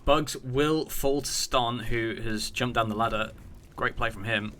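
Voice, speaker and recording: A man's voice: medium pitch, measured pace, fairly bright tone, slight background noise. A man in his thirties from the UK casting an esports match alone, chatty and talking to his stream chat between plays. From United Kingdom. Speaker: esports caster. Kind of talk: solo play-by-play game commentary.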